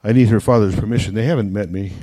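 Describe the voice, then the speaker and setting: Cocky young lieutenant, self-assured and boastful, read by a man in a low voice. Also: fast, warm tone, close to an everyday voice. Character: cocky young male air force lieutenant.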